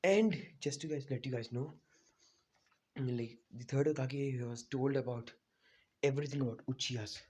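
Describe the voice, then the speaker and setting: A man's voice: mid-range voice, normal speed, warm tone, husky. A man casually retelling a fan story in a rambling, unpolished way, full of "you know" and "like". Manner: loose, unpolished delivery with restarts.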